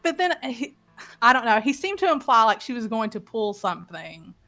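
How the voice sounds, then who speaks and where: Gal retelling last session, chatty and cussing, music under it. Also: female voice, on the high side, moderate pace. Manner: lively storytelling, swears freely. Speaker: player. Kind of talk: casual recap of a tabletop game.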